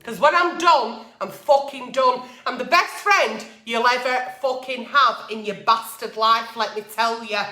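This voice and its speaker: A woman's voice: a little high, normal speed, hardly any pauses, pushed and bright, reverberant. A woman vlogger answering advice letters at her table, blunt and heavily profane, ranting in a fired-up way. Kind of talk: casual advice rant. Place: at a table at home. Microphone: camera mic.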